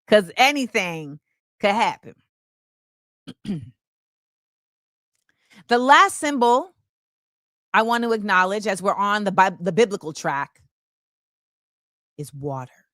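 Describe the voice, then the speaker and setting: A woman's voice: medium pitch, animated, slow, pauses often, fairly bright tone, dry recording, clean studio sound. A woman hosting her own show, delivering an impassioned film commentary monologue and repeating key phrases for emphasis. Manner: opinionated and impassioned. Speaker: show host.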